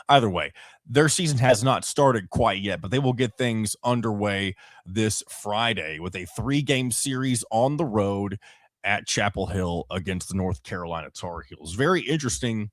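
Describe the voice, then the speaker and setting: Deep-voiced man hosting a sports podcast. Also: dry recording, studio quality. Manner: casual, rambling asides with self-corrections. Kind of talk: solo sports podcast rundown.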